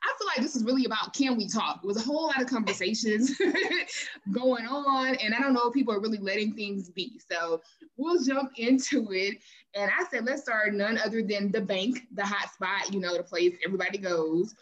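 A woman's voice: mid-range voice, a little fast, a bit bright. A woman hosting a podcast in casual recap chat, chatty and laughing often as she retells scenes. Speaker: podcast host. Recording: dull lo-fi mic.

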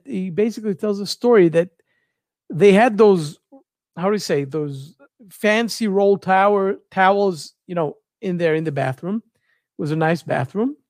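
Man, high voice, dry close sound, animated storyteller. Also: a little slow, no echo. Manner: searches for words, repeats phrases, animated retelling. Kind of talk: casual storytelling.

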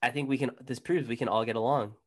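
A man's voice: medium pitch, fairly even intonation, quick pace. A laid-back young man co-hosting a casual chat, often saying "dude". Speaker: podcast co-host.

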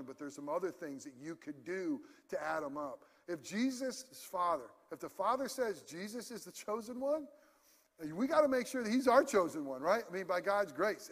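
A man's voice: sits high, lively intonation, moderate pace. A man preaching a sermon as pastor, passionate and emphatic yet conversational. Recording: long hall reverb.

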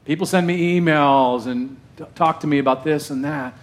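Man, pastor, sermon, slightly high voice, emphatic, conversational. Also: moderate pace. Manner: emphatic, conversational, quizzes the congregation.

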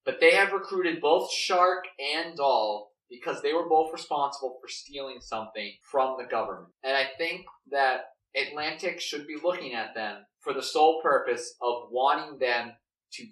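A young man brainstorms a story out loud. He rambles with plenty of fillers and eager restarts. His voice is bright, and the mic sits far off in an echoing room. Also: medium pitch, normal speed. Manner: rambling, filler-heavy, animated. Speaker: story co-writer. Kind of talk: casual brainstorming chat. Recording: roomy, distant mic.

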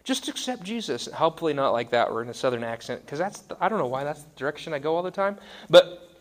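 A man in his thirties giving a conversational sermon, wry and self-deprecating. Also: medium pitch. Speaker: pastor.

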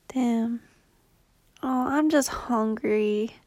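A young woman rambling in a low-key, confessional vlog, swearing bluntly and often dropping to a whisper. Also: takes it slowly, darkish tone, no room sound.

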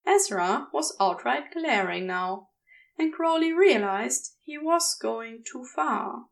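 A woman reading a fan story aloud as a podfic, in a measured, steady narration. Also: a little high, vocal fry, far from the mic. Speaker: podfic reader. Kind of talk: audiobook narration.

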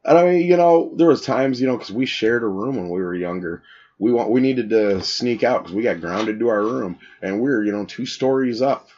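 A man's voice: mid-range voice, moderate pace, a little mellow, lo-fi sound. A man co-hosting a casual podcast, telling crude stories with lots of swearing and laughing at his own jokes. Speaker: podcast co-host.

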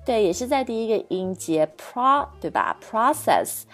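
A woman's voice: on the high side, lively intonation, unhurried. A woman co-hosts a bilingual podcast lesson. She explains pronunciation patiently and keeps checking that listeners follow. Faint music sits under her voice. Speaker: English pronunciation teacher, co-host.

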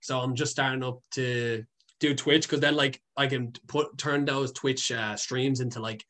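A man's voice: medium pitch, fairly even intonation, measured pace, fairly bright tone. A young Irish man chatting as a guest, telling stories in a rambling way full of fillers and swearing. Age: young adult. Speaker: guest, content creator. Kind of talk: casual storytelling.

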